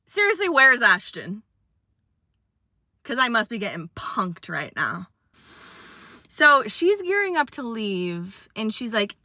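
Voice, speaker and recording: Lively, bright-voiced young woman telling a story. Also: fairly high pitch, slow, no echo, studio quality. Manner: dramatic retelling with bursts of acted quotes. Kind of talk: casual comedic storytelling.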